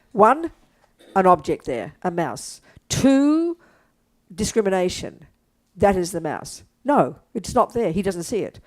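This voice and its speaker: An older woman giving a blunt, animated Buddhist teaching to an audience. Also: medium pitch, slow, pauses often. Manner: animated, blunt, acts out quotes, laughs.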